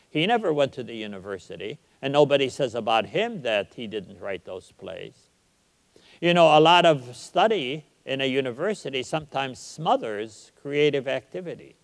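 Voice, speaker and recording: An older man giving a public lecture, speaking emphatically and slowing down to recite lines of verse. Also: medium pitch. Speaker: guest lecturer. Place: lecture hall. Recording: reverberant lecture hall.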